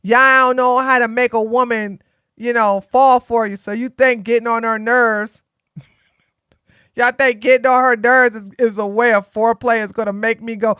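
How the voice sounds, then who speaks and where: A woman's voice: a little high, steady tone, normal speed, a bit bright, clean tone, dry recording, studio quality. A tired woman from Georgia, hosting a casual political live stream and talking bluntly to her chat. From Georgia, USA. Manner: blunt, sassy, talks straight to chat.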